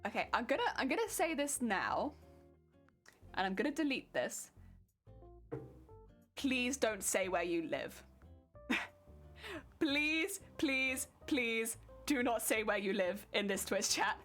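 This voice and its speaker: Young woman chatting on a craft stream, slightly high voice, laughs a lot, faint music behind. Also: lively intonation, unhurried, long pauses, fairly bright tone. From Wales. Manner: chatty, laughs often, reads chat aloud. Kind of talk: casual livestream chat while crafting.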